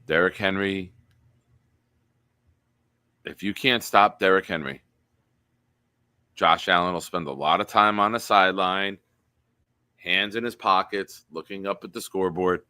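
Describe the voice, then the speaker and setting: Low, bright-toned male stream host. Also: a little slow, pauses often, clean tone, no echo, clean studio sound. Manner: animated, hypes picks and reads chat comments aloud. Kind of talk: casual sports live stream chat.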